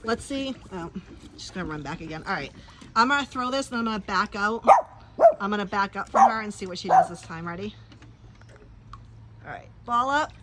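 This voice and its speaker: A woman's voice: mid-range voice, fairly bright tone, slight background noise. Chatty woman livestreaming from a pool. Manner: chatty, laughs often, talks to her dogs. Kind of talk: casual livestream chat. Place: backyard pool, outdoors.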